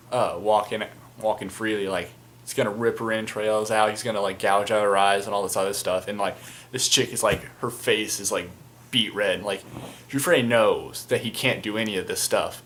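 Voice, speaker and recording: A man's voice: on the low side, fairly bright tone, a little hiss or hum. A young man casually recounting a tabletop game, rambling with lots of fillers and crude slang. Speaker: storyteller, fan video maker.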